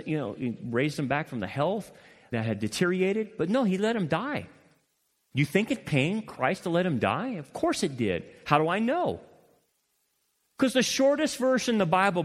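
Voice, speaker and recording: A man preaching a sermon as pastor, emphatic, moving between loud passionate peaks and quiet intimate asides. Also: high-pitched. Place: church sanctuary. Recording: long hall reverb.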